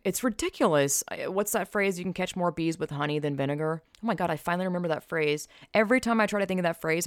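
Woman, lower voice, smooth and clear, dry close sound; blunt, sweary, rambling solo talk. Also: a bit bright, dry recording. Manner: frank, sweary, sarcastic, trails off mid-sentence. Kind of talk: casual rambling monologue.

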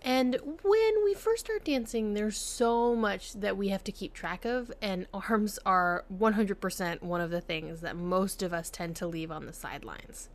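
A woman's voice: medium pitch, lively intonation, unhurried, few pauses. A woman hosting a podcast, reading a scripted intro and then interviewing a guest in an upbeat, friendly way. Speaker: podcast host.

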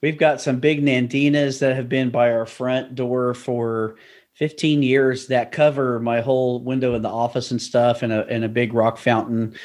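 A man's voice: medium pitch, flat delivery, normal speed, darkish tone. A man with an Oklahoma accent co-hosting a podcast, chatting casually and rambling through long stories. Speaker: podcast co-host. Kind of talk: casual chat.

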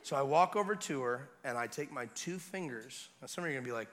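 A young man preaching at a revival, his voice bright and forceful. He tells a family story in a conversational way, drops to quiet murmurs, then climbs to loud, fervent declarations. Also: mid-range voice, quick pace. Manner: animated, building from hushed to shouting. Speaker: guest preacher.

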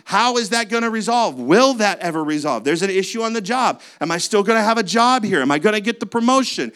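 A man's voice: sits high, animated, fairly quick, fairly bright tone, clear, resonant tone. A man preaching a sermon as a pastor, with a conversational manner, lots of rhetorical questions and playful asides.

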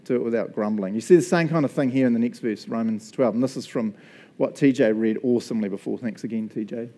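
Nz guy preaching, casual and jokey, mellow voice, mid pitch. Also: fast. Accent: New Zealand. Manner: chatty, jokey, animated storyteller. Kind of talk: casual sermon with storytelling.

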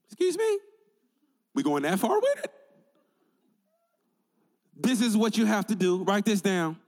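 Man, pastor, high-pitched, energetic call-and-response sermon, long echo in a large church.

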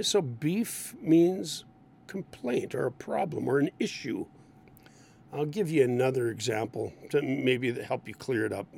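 Gravelly, animated male English teacher. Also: a little high. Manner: animated, acts out example lines. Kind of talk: explaining idioms in a lesson.

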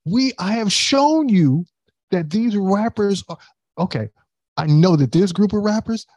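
A man's voice: high-pitched, animated, measured pace, darkish tone, dry recording, dull audio. A man in casual podcast chat, talking animatedly and acting out quotes, with many restarts.

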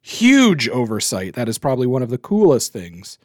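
A man's voice: mid-range voice, huge pitch swings, moderate pace, darkish tone, dry recording, studio quality. A man from Canada with a Canadian accent, hosting a podcast in casual, self-deprecating chat. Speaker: podcast host.

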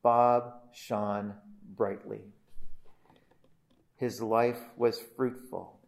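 A man who is a pastor, delivering a funeral eulogy in an earnest, measured way, often restarting phrases and letting line ends fall soft. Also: lowish voice, little pitch movement, vocal fry.

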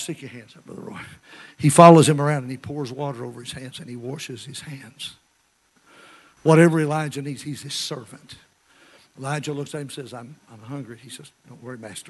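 A man preaching a storytelling sermon, acting out characters' voices and swinging from hushed asides to shouts. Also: mid-range voice, husky.

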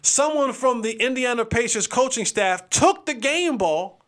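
A young adult man hosting a casual sports podcast, joking, animated and restarting his sentences often. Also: extremely high pitch, measured pace. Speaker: podcast host.

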